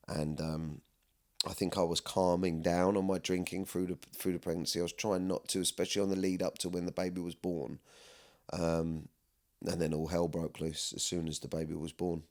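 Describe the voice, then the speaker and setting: In this candid personal chat, a man with a deep-set voice hosts a podcast. His talk wanders but stays sincere, peppered with "do you know what I mean."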